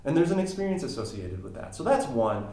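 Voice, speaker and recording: A man's voice: medium pitch, big pitch swings, fast talker, dark tone. A man talking as a guest on a podcast, a coach explaining ideas step by step with emphatic rises. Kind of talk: casual interview talk. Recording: roomy echo.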